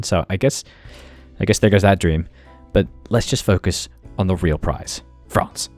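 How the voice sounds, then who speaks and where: A man's voice: low voice, a little mellow. A man commenting on his strategy game playthrough with wry jokes and exasperated asides. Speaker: gaming commentator. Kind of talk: let's play commentary.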